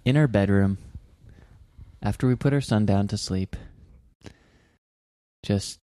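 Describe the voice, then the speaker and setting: A man's voice: on the low side, slow, warm tone, no room sound. A man in his twenties co-hosting a casual podcast with his wife, recorded in their bedroom, talking in a rambling, chatty way. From California. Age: 20s. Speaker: podcast co-host. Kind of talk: casual chat. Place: bedroom at home.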